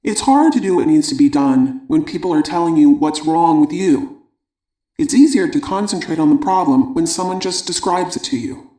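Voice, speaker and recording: A man narrating a parenting audiobook in a measured, instructive reading voice. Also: fairly high pitch, lively intonation, dark tone, echoey room.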